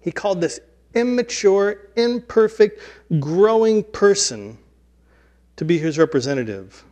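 A man's voice: high-pitched, lively intonation, measured pace, darkish tone. A man in his forties, a pastor giving an earnest, conversational, self-deprecating sermon in a church. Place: church sanctuary.

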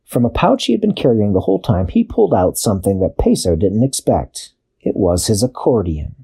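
Husky man telling a kids' story. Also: fairly low pitch. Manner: expressive, drawn-out storytelling with sound-effect pauses. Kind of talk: improvised children's story narration.

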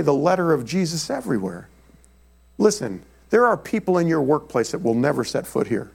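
An American man, a pastor, preaching a sermon in a church in an animated, conversational storytelling way. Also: a little high, vocal fry, breathy edge. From United States.

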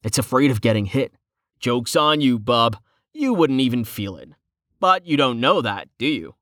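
A man's voice: medium pitch, very animated, normal speed, fairly bright tone, no room sound, studio quality. A man doing a brash young fighter. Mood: urgent.

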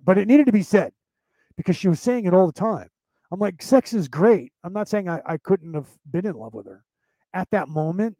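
A man's voice: on the high side, mellow, dry recording, low-quality recording. A middle-aged man hosting a podcast, telling a personal story in a rambling, profane way with many restarts. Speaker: podcast host. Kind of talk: casual storytelling monologue.

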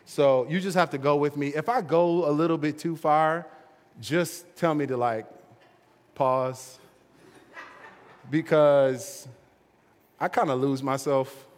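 A young man presenting a playful storytelling sermon for families, animated and laughing often as he plays with action figures. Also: a little high, slow, pauses often, in a large hall. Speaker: children's ministry presenter.

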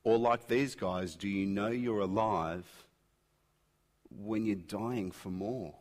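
A middle-aged man preaching a sermon, swinging between loud emphatic peaks and quiet intensity. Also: sits low. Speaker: pastor. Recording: long hall reverb.

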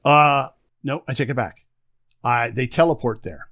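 A man co-hosting a podcast in relaxed conversation. He rambles and restarts his sentences often, filling gaps with "uh" and "you know", and his voice sits at a middling pitch. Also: measured pace. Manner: rambling, chatty, with many fillers and restarts. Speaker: podcast co-host. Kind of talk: casual chat.

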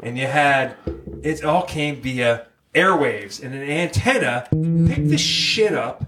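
A man's voice: on the high side, animated, slow, over loud music. A man in casual banter, reminiscing with jokes and crude asides. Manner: joking, rambling, crude asides.

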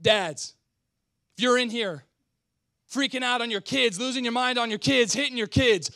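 High-voiced animated male pastor. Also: moderate pace, gravelly, pauses often, no echo, studio quality. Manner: animated, swings between shouting and quiet; talks back and forth with the congregation. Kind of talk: sermon.

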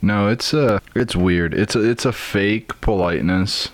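A man's voice: lowish voice, measured pace, no room sound. A man co-hosting a casual podcast chat, blunt and full of profane teasing. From New Jersey. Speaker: podcast co-host.

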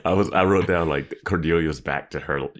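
A man's voice: extremely low pitch, fairly quick. A man in casual chat, co-hosting a recap with laid-back, laughing asides. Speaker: podcast co-host.

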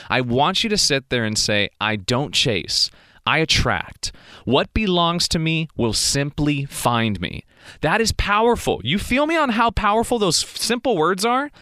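A man's voice: fairly high pitch, sharp tone, dry recording, clean studio sound. A man delivering a fired-up, preachy motivational monologue to viewers, laughing often. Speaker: vlogger giving life advice.

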